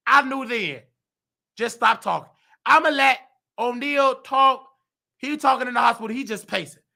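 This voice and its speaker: A man with a very high, bright, sharp-edged voice, worn hoarse from shouting. He rants in indignant commentary, breaking into shouts. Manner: heated, indignant, bursts of shouting. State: hoarse, losing his voice. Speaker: nursing aide and show host. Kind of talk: ranting commentary.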